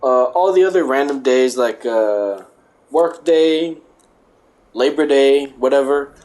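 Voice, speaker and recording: A man reads aloud in a casual, halting way, tripping over words and going back to fix them. He breaks off for dry, joking comments, and his voice sits at an ordinary middle pitch. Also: a little mellow. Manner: stumbling, self-correcting reader with wry asides. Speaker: vlogger.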